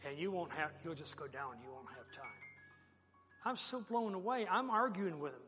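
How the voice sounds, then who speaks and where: A man preaching as a pastor, telling a personal story with animated delivery and acting out the dialogue. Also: a little high, normal speed. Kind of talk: sermon storytelling. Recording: long echo of a large hall, faint music.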